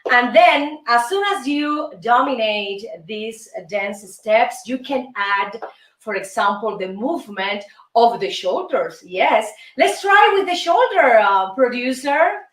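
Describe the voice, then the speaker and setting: A woman's voice: fairly high pitch, expressive, takes it slowly, fairly bright tone. A woman with a Cuban Spanish accent, a native Spanish speaker, hosting an upbeat dance lesson and coaxing viewers as she counts the beats aloud. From Cuba. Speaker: host and dance teacher. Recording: echoey room, mic far off.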